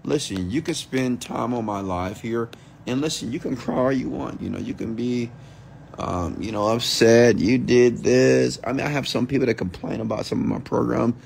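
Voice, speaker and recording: A man's voice: medium pitch, moderate pace, gravelly, a little mellow, a little hiss or hum. A middle-aged man, an entrepreneur and mentor, hosting a late-night livestream rant in a blunt, profane manner. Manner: blunt, profane, mocks whiny voices.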